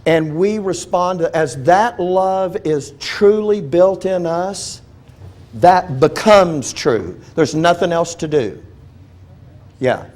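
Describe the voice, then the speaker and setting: A man with a fairly high voice leads a Bible lesson like a friendly chat. He tells light, funny stories, often stops and restarts a sentence, and keeps asking his listeners questions. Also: animated, slow, darkish tone. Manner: chatty, restarts sentences, asks the audience questions; humorous storytelling. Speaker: Bible teacher. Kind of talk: conversational Bible study teaching.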